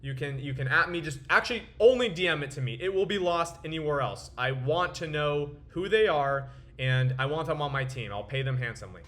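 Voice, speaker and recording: Young man, crypto vlog host, high voice, profane, boastful ranting commentary. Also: animated, brisk, fairly bright tone. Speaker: crypto trader and video host. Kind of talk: ranting market commentary to camera.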